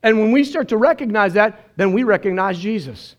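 A man's voice: high-pitched, expressive, fairly quick. A man preaching a sermon as pastor, earnest and emotional, telling stories and quoting others. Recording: dull lo-fi sermon recording.

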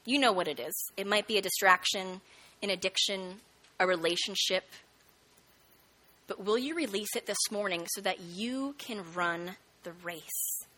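A woman preaching a sermon, telling a personal testimony in an animated storytelling way and acting out the voices of the people in it. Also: mid-range voice, measured pace.

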